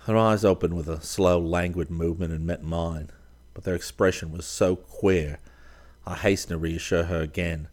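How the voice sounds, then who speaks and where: A man narrating a first-person story in a measured, dramatic reading. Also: deep voice, fairly even intonation, a little mellow. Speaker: audiobook narrator.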